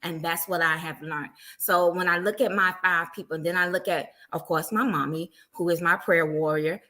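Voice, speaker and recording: A middle-aged woman speaks as a guest evangelist. Her tone is bright and clear, and she tells stories with animation. She talks about faith in an easy, conversational way. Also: lowish voice, moderate pace. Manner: animated storytelling, acting out everyday quotes. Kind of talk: casual faith testimony.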